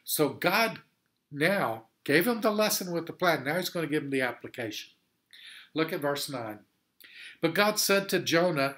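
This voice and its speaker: A man's voice: on the high side, animated, normal speed, fairly bright tone. A man teaching a Sunday school Bible lesson in an earnest, explanatory way, repeating points for emphasis.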